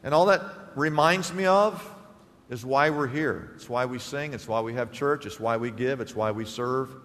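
A male pastor preaching a sermon in a church, telling stories and swinging between loud bursts and hushed, quiet lines. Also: mid-range voice, normal speed, long reverb tail. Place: church sanctuary.

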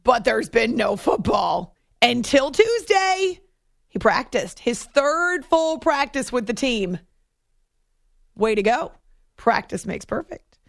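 A woman's voice: fairly high pitch, big pitch swings, slow pace, creaky, no echo, clean studio sound. A woman hosting a sports radio show, talking in a wry, chatty way and laughing often. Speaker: radio host. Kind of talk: sports radio talk and chat.

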